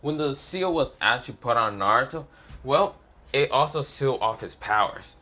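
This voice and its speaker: A man's voice: medium pitch, expressive, normal speed, pushed and bright. A man casually narrating an improvised fan story, rambling with fillers and self-corrections.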